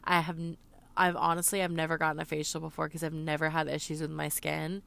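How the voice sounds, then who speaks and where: A woman's voice: sits low, monotone, quick pace, creaky, fairly bright tone. A young woman vlogging in a casual, emotional chat, talking to her viewers and filling her talk with "like" and "um". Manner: chatty, emotional, lots of "like" and "um". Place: Los Angeles.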